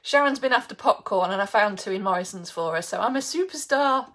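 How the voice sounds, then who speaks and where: A woman's voice: mid-range voice, lively intonation, a little fast, fairly bright tone. A middle-aged woman from England chatting casually on a live baking stream, greeting viewers by name and laughing often.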